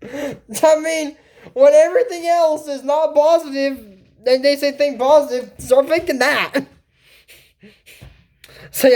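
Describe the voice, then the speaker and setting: A woman's voice: high voice, measured pace, a little mellow. A woman giving a casual reaction commentary on a cartoon episode, rambling and sarcastic, with mocking asides.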